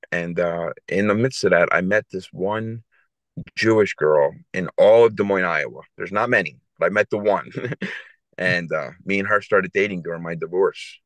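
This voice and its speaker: A man in his forties from South Philadelphia, a podcast guest telling an emotional personal story in an earnest, halting way with many restarts. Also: low-pitched, fairly bright tone, no room sound. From South Philadelphia, USA. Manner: earnest, halting, repeats himself.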